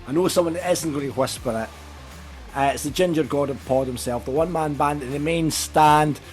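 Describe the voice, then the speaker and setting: A Scottish podcast host with a hoarse, worn-out voice, chatting in a loose, joking and rambling way. He sits a little high for a man. A faint music bed plays underneath. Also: normal speed. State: hoarse, voice nearly gone. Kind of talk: casual podcast chat.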